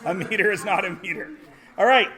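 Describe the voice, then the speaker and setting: A man's voice: high voice, a little fast, sharp tone. A man teaching a classroom lesson, joking and quizzing his students as he goes. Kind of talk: classroom lecture.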